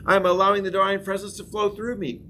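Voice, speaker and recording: A middle-aged male pastor leads a church class in a slightly high voice, swinging up into emphatic proclamations. He has the room repeat affirmations after him. A faint room hum sits behind him. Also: flat delivery, quick pace, sharp tone. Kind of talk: sermon class teaching.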